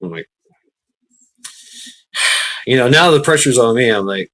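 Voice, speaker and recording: A man's voice: mid-range voice, expressive, slow, bright, forceful tone, poor audio. A man hosting a livestream, telling a casual rambling story, laughing often and swearing freely. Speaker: livestream host.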